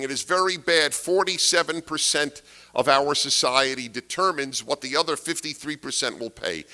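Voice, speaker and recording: A man's voice: fairly high pitch, pushed and bright. A man giving a political lecture to an audience, emphatic, repeating key phrases and asking rhetorical questions. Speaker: speaker giving a talk.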